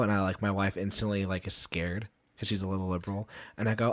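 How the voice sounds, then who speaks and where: A man's voice: lowish voice, flat delivery, fast talker, few pauses. A man hosting a casual livestream chat, telling joking stories and reading out viewer comments. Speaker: show host.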